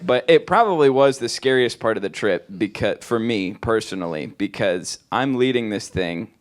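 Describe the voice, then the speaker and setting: A man who led the trip, presenting to an audience in a relaxed, good-humored way. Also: fairly low pitch, moderate pace. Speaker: trip leader.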